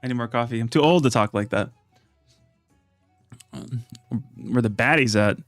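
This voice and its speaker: A man's voice: medium pitch, normal speed, fairly bright tone, no room sound, faint music behind. Laid-back man hosting a live stream. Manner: laid-back, reads chat aloud, rambling asides. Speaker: livestream host. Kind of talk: casual live-stream chat.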